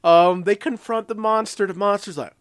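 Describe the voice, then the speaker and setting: A man's voice: high-pitched, fairly even intonation, clean tone, dry recording, clean studio sound. A man co-hosting a casual podcast chat, laid-back, quoting lines from an episode as he recaps it. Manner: laid-back, quick asides and quoted lines. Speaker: podcast co-host.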